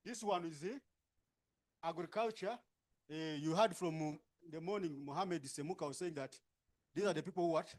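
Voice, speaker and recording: High-voiced Ugandan man directing a workshop. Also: a little mellow. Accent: Ugandan English. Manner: brisk, instructing, frequent tag questions. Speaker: workshop facilitator. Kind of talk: directing participants into groups.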